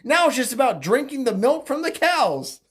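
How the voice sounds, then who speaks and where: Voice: high-pitched, sing-song, moderate pace, fairly bright tone, husky. A political commentary host ranting alone in a mocking, crude way, rambling with fillers, self-corrections and frequent laughter. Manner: mocking, crude, laughs often at own jokes. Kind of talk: opinionated solo rant.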